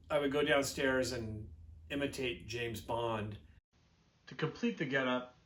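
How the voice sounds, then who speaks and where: A man's voice: mid-range voice, a bit bright. A middle-aged man telling a personal story from his youth in a chatty, rambling way, with fillers and self-corrections.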